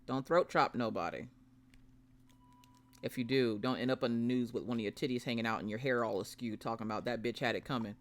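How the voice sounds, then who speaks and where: A woman streamer in casual live chat with her viewers, a brash, profane, jokey storyteller who breaks into loud mock rants. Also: rumbling low. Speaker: streamer chatting with viewers while painting.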